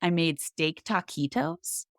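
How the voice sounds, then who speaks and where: A woman's voice: on the low side, sing-song, slow, vocal fry, dry recording, studio quality. A woman hosting a podcast, telling stories in an upbeat, conversational way. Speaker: podcast host. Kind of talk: casual chat.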